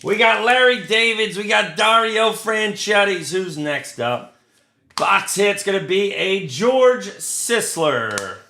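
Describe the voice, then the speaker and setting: A man's voice: high voice, animated, slow, creaky, bright, forceful tone. A man hosting a live card break, reading out pulls with crude, joking banter. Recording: roomy with faint noise.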